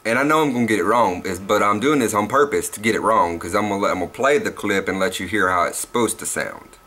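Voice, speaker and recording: Young Southern man, bright edgy voice, rambling and cussing in a casual vlog. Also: on the low side, fast talker. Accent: Southern US, Tennessee. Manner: rambling and profane, laughs at himself. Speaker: vlogger.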